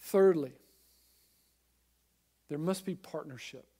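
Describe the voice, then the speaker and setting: A man with a notably high speaking voice delivers a sermon as a pastor. He is earnest and emphatic and speaks directly to listeners at home, dropping soft and then building loud again. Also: takes it slowly. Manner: earnest, emphatic preaching with swings in loudness.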